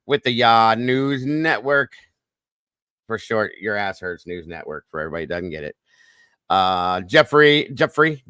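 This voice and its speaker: Male livestream host, low voice, quick folksy shout-outs, dry close-mic sound. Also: no room sound. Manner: fast, folksy greetings with Southern-style phrasing.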